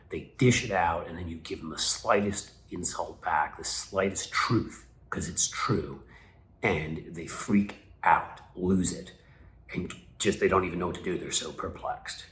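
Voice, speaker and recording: Very deep-voiced sarcastic man, roomy echo. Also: fairly bright tone, a little hiss or hum. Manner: sarcastic, mocking. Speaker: political commentary host. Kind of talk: casual political commentary.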